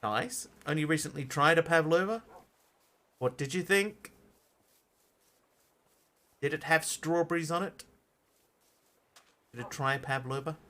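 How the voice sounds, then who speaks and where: Man, gameplay streamer, chatty, greets chat, fairly high voice, bright tone. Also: measured pace, long pauses. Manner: chatty, greets viewers while playing. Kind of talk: live gameplay commentary.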